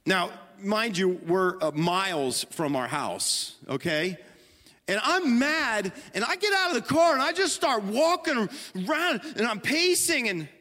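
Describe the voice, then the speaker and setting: A middle-aged male pastor with a fairly high voice tells a story in a sermon, joking at his own expense and turning to the congregation as he talks. His voice rings out with a long reverb, as in a large hall. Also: sing-song, a little slow, bright, forceful tone. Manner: storytelling, self-deprecating humor, addresses the congregation and his wife.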